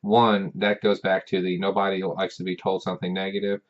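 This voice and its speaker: A man with a very low voice talks straight to his students in a loose, rambling way, often restarting and repeating words. The recording is dull and lo-fi. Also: completely flat delivery, fairly quick. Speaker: professor. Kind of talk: casual talking-head advice.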